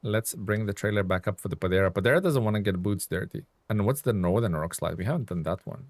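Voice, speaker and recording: A man's voice: on the low side, fast talker, no room sound. A young man streaming a driving game, chatting casually and answering viewers' comments as he plays. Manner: chatty, reads chat aloud and answers viewers.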